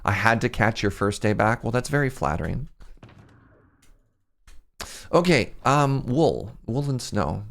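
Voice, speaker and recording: A man's voice: fairly low pitch, lively intonation, unhurried, gravelly, pauses often, fairly bright tone. A young man streaming a game, chatting casually and rambling, laughing at himself often. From Canada. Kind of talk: casual livestream chat while gaming.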